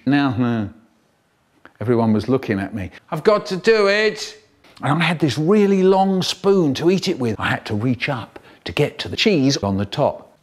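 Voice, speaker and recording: An older man telling a comic childhood story in a theatrical, animated way, with sudden high shouts. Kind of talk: storytelling monologue, spliced parody edit.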